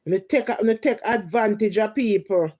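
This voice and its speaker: A woman's voice: medium pitch, normal speed, mellow. A woman from Jamaica with a Jamaican accent, ranting heatedly in emphatic patois on a live stream. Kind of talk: casual live-stream rant.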